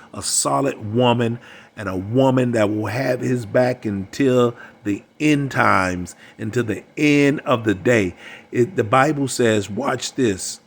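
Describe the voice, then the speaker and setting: An older man gives a preachy, emphatic monologue as a relationship coach. He keeps repeating his phrases for emphasis. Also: mid-range voice. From United States.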